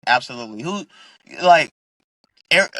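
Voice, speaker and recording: Bright, laughing man in casual chat. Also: on the high side, lively intonation, a little slow, no room sound. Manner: laughs often, restarts sentences. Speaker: wrestler guest. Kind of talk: casual podcast interview.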